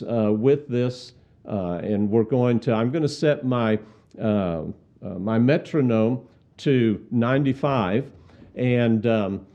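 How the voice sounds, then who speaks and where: A man teaching how to lead a cappella hymn singing, speaking deliberately, repeating words and singing hymn lines as examples. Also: medium pitch, dark tone. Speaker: song leading instructor. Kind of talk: instructional demonstration with sung examples. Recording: slightly dull, muffled sound.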